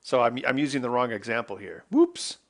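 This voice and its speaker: A man's voice: mid-range voice, quick pace, gravelly, fairly bright tone. A man hosting an electronics video, talking casually to himself as he works through a problem. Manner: muttering to himself while working. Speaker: electronics maker host. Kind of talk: casual work-along narration.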